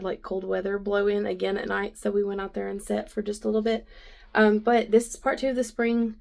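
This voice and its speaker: A woman's voice: mid-range voice, fairly even intonation, fairly quick, gravelly, darkish tone. A woman, chatting casually to her vlog audience, out of breath and using plenty of fillers. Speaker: vlogger. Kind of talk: casual chat.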